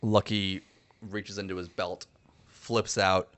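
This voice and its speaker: A man playing a tabletop game, describing his character's actions with animated energy. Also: low-pitched, slow pace. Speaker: player.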